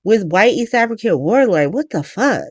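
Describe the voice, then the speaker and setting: A woman's voice: medium pitch, animated, moderate pace, no echo, clean studio sound, lightly acted. A woman voicing an exasperated, blunt mother who scolds her son in profane slang.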